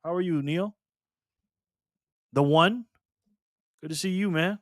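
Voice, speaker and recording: A man hosting a casual livestream, calling out viewers and donations with upbeat shout-outs. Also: a little high, slow, no room sound, clean studio sound. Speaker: livestream host.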